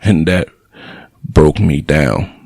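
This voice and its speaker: A man's voice: rumbling low, slow pace, creaky, a little mellow, breathy edge, dry recording. A middle-aged man, a radio show host, telling a personal story in a plainspoken, emotional way, blunt and cursing at times.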